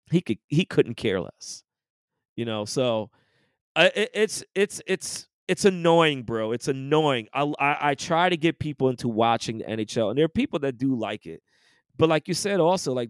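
A man's voice: mid-range voice, no room sound, clean studio sound. A man co-hosting a podcast, ranting in casual, profane sports chat. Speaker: podcast co-host.

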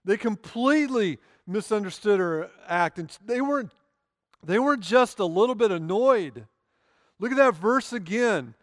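A man pastor preaching a sermon in a church, earnest, with slow emphatic pauses on key words. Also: high-pitched, expressive, no echo, studio quality, big-room sound. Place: church sanctuary.

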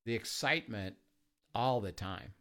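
A man with a fairly low voice tells a story in an easygoing conversation. He is earnest and halting, full of small fillers and restarts. He sounds like a ministry leader sharing an experience. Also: fairly bright tone.

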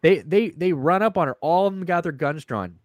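A podcast co-host chats casually, rambling and swearing through a story while acting out the people in it. His voice is a little high with lively intonation and a fairly quick pace, with no room sound.

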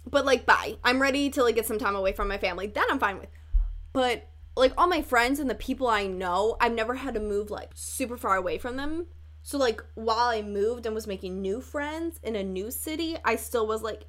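A chatty young woman from Chicago talking through her solo podcast, candid and casual, swearing freely and breaking into laughs. Her voice sits a little high, and her delivery is loose and conversational. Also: expressive, normal speed, bright, forceful tone. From Chicago, USA. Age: 20s. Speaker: podcast host.

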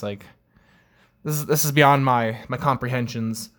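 A man's voice: medium pitch, normal speed, fairly bright tone. A man hosting his own podcast, rambling casually with many fillers and making jokes at his own expense. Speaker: podcast host. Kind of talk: casual solo podcast chat.

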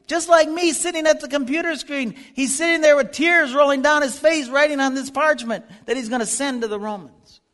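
A man with an extremely high, fairly bright voice teaches a Bible lesson in sermon style. He is earnest and builds to fervent appeals, and the recording has the long reverb of a hall.

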